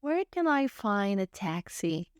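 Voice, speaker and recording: A woman teaching English, reading short everyday phrases one at a time with careful, deliberate enunciation and pauses between them. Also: medium pitch, sing-song, smooth, no room sound, clean studio sound. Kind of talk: slow phrase-by-phrase reading for learners.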